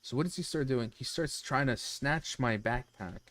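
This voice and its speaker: A man streaming from home, telling a personal story to his chat in a casual, animated, profane way, full of restarts. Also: medium pitch, moderate pace. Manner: animated, profane, lots of restarts and "you know".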